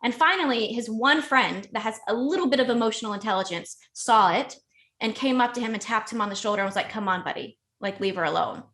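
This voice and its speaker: A young adult woman, a podcast guest, telling a personal story in casual conversation, animated and emotional with frequent restarts. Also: fairly high pitch, quick pace.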